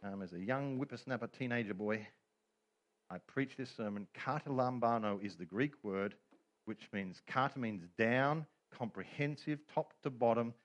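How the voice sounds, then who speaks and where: A man's voice: mid-range voice, normal speed. A middle-aged man preaching a sermon as pastor, telling stories with humor and quoted voices.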